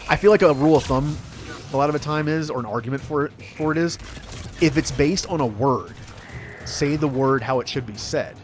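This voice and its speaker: A man streaming a video game, chatting casually and excitably, yelping and laughing as he plays. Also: a little high, brisk, soft background music. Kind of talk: casual gameplay commentary.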